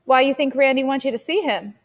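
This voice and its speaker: A protective, watchful mother, as a woman reading aloud voices her. She speaks firmly and presses with questions in a middle-pitched voice. A long reverb trails each line. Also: a little fast, natural voice.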